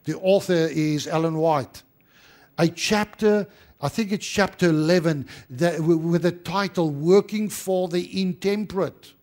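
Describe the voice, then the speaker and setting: A man preaching a sermon as pastor, rising to emphatic stress and dropping to hushed tones. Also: on the high side, a little slow.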